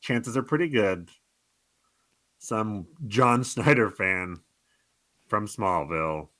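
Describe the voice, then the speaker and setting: Give me a man co-hosting a podcast, joking around, with a lively, swinging pitch. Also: slow, dry recording. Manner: joking, acts out quoted voices, laughs. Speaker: podcast co-host. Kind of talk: casual movie-recap chat.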